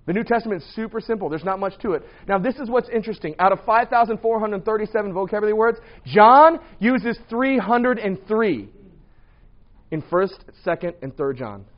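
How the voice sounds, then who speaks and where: A man with a high voice leads a Bible class and talks to his students in a loose, conversational way. He keeps quizzing them and checking in with "right?". The recording sounds dull and lo-fi. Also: expressive, a little fast. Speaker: Bible teacher.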